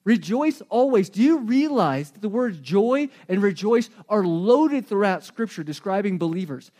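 High-voiced man preaching a sermon. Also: sing-song, moderate pace, darkish tone. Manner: conversational, joking preaching. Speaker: pastor.

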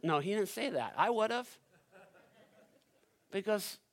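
A male pastor preaching a sermon at a church service, talking straight to the congregation and swinging from loud, driving passages to hushed ones. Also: high voice, expressive, moderate pace, pauses often. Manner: addresses the congregation directly.

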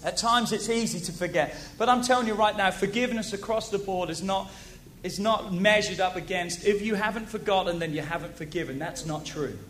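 A man preaching a sermon to a congregation, animated, repeating key phrases and asking the audience questions. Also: high voice, fairly quick, few pauses.

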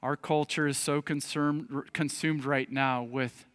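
Male pastor, high and bright, emphatic sermon delivery, loud and quiet by turns, long hall reverb. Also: fairly even intonation, measured pace, smooth. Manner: emphatic, swinging between loud rising appeals and quiet earnest asides.

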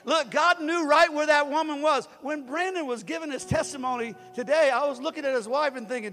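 A man preaching from a pulpit with a very high voice for a man, swinging from plain, joking talk up to shouted declarations. His voice rings with long reverb in a large church hall, soft music under it. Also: brisk, few pauses. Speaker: pastor. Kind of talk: sermon.

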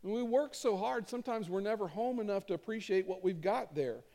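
Earnest pastor preaching in a big hall. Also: male voice, high-pitched, lively intonation, brisk, mellow. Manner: conversational, earnest, emphatic repetition. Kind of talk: sermon. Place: church auditorium stage. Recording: long reverb of a large hall.

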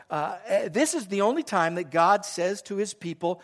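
High-voiced middle-aged preacher. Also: male voice, moderate pace, fairly bright tone. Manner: earnest preaching with joking asides. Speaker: pastor. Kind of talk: sermon. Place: church.

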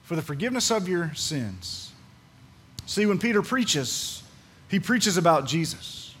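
A man with a high-pitched voice preaches to his congregation. He drives his points home by repeating phrases and swings from hushed lines to loud, emphatic ones. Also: sing-song, measured pace, breathy edge. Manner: swings between soft and loud delivery. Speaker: pastor. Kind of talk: sermon.

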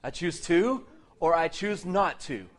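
A middle-aged man preaching a sermon in a lively way, with joking asides and laughs between his points. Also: a little high, measured pace. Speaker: pastor.

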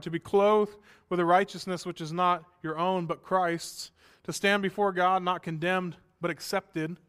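A male pastor delivering a sermon in a smooth, clear voice that sits a little high for a man. He talks earnestly, building to emphatic passages, and mixes in dry, offhand asides. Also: a bit bright.

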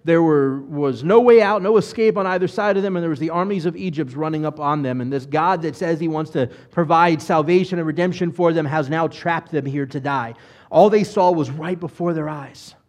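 A man, a rabbi, preaching a conversational sermon full of rhetorical questions and animated retellings. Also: on the high side, a little fast.

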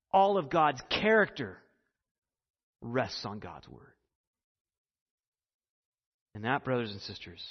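A man preaching a sermon as a pastor, earnest and emphatic, who speaks to his congregation and leads them in prayer. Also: mid-range voice. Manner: earnest, building to emphasis, then hushed prayer. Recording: dull recording with long hall reverb.

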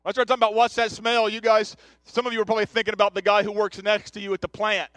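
A pastor in his thirties delivers a conversational sermon in a church sanctuary, joking, chatty, and speaking straight to the congregation in the pews. His voice is high for a man and a bit bright, with a flat, rapid-fire delivery. The recording is dry and close, with little room sound.

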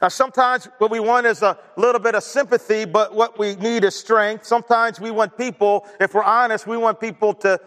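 Man, pastor, high voice, conversational sermon, long church reverb. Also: steady tone, fairly quick, few pauses, fairly bright tone. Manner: conversational preacher, asides with chuckles, leads congregation in prayer. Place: church sanctuary.

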